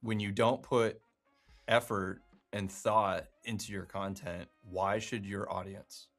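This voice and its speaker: A man co-hosting a casual chat, talking in a measured way and chiming in with short agreements. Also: on the low side, level tone, a bit bright, soft background music. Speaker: podcast co-host.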